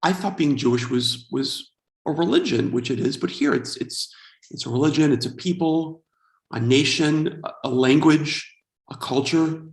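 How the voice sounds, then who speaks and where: A man's voice: fairly high pitch, moderate pace, roomy sound. A man in his forties from the United States, doing a wry, self-deprecating stand-up comedy set. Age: 40s.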